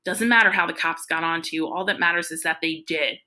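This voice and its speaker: A woman's voice: low-pitched, fairly quick, sharp tone. A woman voicing a domineering ex-convict preacher, a middle-aged man who speaks in a drawling, bossy way. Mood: menacing. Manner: drawling, domineering, calls the boy "boy".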